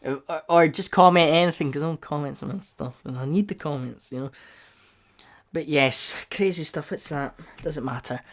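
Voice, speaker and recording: A young man hosting a casual solo review podcast, excitable and rambling, with his voice leaping up in pitch and loudness when he gets worked up. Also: normal speed. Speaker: podcast host.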